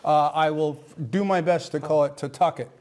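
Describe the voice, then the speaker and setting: A man's voice: fairly high pitch, steady tone, normal speed, a little mellow. A man hosting a live local election night broadcast, chatty and full of restarts as he tells anecdotes. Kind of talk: live studio broadcast chat. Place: local TV studio.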